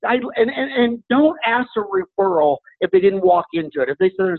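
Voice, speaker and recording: A middle-aged male dentist telling lively stories as a podcast guest, acting out his talks with patients. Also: extremely high pitch, brisk, vocal fry, few pauses. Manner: animated, acts out dialogue with patients. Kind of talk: energetic storytelling interview talk. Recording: tinny phone-like audio.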